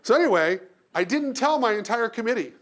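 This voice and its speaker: A man giving a lively keynote speech to an audience, telling stories, acting out voices and laughing often. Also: very high-pitched, a little fast. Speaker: keynote speaker. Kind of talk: live storytelling speech.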